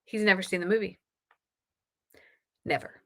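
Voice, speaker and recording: Bright-voiced chatty woman streaming live. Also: mid-range voice, normal speed. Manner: chatty, excitable, talks to viewers. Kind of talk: casual live stream chat.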